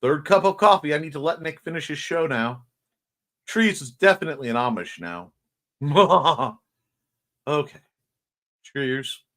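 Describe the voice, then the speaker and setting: A man's voice: fairly high pitch, big pitch swings, unhurried, pauses often, sharp tone. A man hosting a casual livestream morning show, chatting playfully as he reads out and answers viewer comments. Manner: chatty and playful, jumping between topics.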